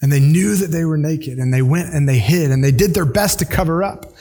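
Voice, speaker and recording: High-voiced earnest male preacher. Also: a little fast, dark tone. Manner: earnest, conversational, restarts and side notes. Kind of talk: sermon. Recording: long hall reverb.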